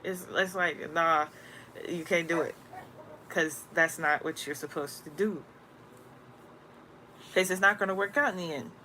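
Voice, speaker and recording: A woman in a casual, slang-filled spiritual talk, rambling and animated as she tells stories. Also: fairly low pitch, a little slow, long pauses, a little hiss or hum. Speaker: spiritual content creator.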